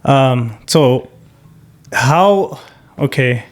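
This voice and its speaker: A young man co-hosting a podcast, chatting in a laid-back, halting way that sometimes loses the thread. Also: mid-range voice, expressive. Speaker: podcast co-host. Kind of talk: casual chat.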